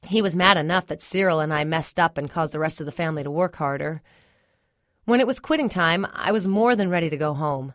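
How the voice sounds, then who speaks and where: Lady reading a short story, lowish voice, steady pace, dry close mic. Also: dry recording. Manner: measured, first-person storytelling. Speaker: story reader. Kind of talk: storybook narration.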